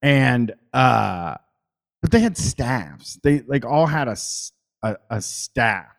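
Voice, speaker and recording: A man's voice: mid-range voice, very animated, slow, creaky. Rambling, swearing podcaster man. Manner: rambling, swears freely, many fillers. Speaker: podcaster, guest. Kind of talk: casual chat.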